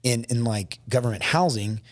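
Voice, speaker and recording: A man, a podcast guest, shaken and emotional, telling his story haltingly with many restarts. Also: medium pitch, no room sound.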